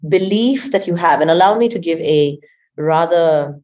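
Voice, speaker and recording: Lower-pitched woman coach telling spiritual stories, lively, laughs a lot. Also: moderate pace. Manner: expressive storyteller, laughs often and acts out quotes. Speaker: guest transformation coach. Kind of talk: spiritual conversation.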